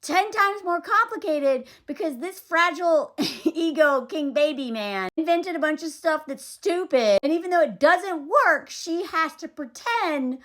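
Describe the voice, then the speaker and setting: Woman, high voice, very lively pitch, sarcastic comedic recap. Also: a little slow. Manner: sarcastic, exasperated. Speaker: video creator.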